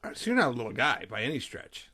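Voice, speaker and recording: A man's voice: mid-range voice, very animated, very fast, bright, forceful tone, breathy edge. A man hosting a podcast in casual chat, joking and egging his guest on. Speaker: podcast host.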